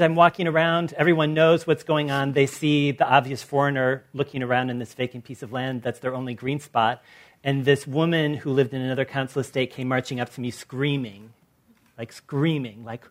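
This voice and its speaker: An American man with a mid-range voice speaks on a panel discussion. He is an artist recounting his projects, and he tells his stories in an animated way, slipping into the voices of the people he quotes. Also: mid-range voice, brisk. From Los Angeles. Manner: animated storyteller who acts out quoted people.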